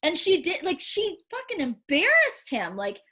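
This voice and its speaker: A woman with a high voice talks on a video call. She is blunt, swears often and acts out other people's words as she tells the story. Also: huge pitch swings, moderate pace, bright, forceful tone. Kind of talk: heated casual chat.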